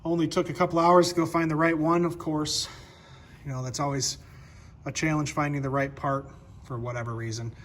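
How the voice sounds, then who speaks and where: A man's voice: fairly high pitch, fairly even intonation, a little fast, fairly bright tone, slight background noise. Upbeat man vlogging from his garage. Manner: upbeat, chatty, explains as he works. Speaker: shop vlogger. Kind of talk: casual how-to vlog. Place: workshop garage.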